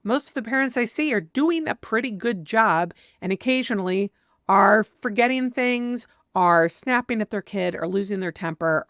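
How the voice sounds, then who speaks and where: A woman's voice: mid-range voice, no echo, studio quality. A woman parenting coach giving earnest, direct advice, sometimes acting out what a parent might say with emphasis. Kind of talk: advice monologue.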